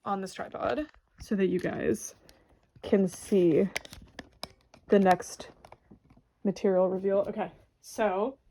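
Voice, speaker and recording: A woman casually chatting in a home vlog, excitable and gushing, laughing often, filmed on a phone. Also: fairly high pitch, background noise. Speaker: doll vlogger. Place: home room. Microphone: phone camera.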